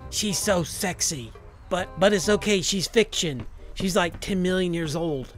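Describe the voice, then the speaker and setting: A man voicing a smug, whiny young know-it-all who talks quieter and higher than his narration. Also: a little slow, soft background music.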